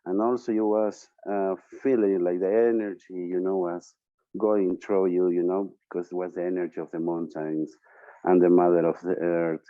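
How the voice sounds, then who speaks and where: A Peruvian man with a Spanish accent joins the interview over a tinny, call-like line that sounds close and dry. His voice sits a little low, and he speaks English as a second language in a friendly, enthusiastic way, leaning on fillers. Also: little pitch movement, moderate pace, no room sound. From Peru. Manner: friendly and enthusiastic, with loose non-native phrasing and fillers like "you know". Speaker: interview guest, entrepreneur.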